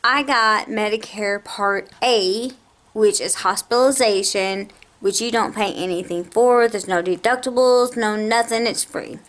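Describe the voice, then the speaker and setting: A woman's voice: medium pitch, unhurried. A woman telling an angry story about a medical bill, talking in a heated, exasperated way with her voice raised. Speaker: vlogger. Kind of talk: angry personal rant to camera.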